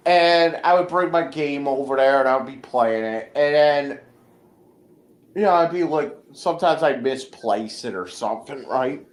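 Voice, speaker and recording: A man's voice: mid-range voice, normal speed, roomy sound. A man telling a story in casual, profane chat, rambling and restarting often. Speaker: guest being interviewed.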